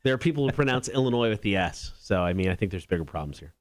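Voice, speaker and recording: A man's voice: lowish voice, expressive, very fast, no echo. A man with a Northern US accent co-hosting a morning radio show, laid-back and laughing often in casual banter. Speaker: radio co-host.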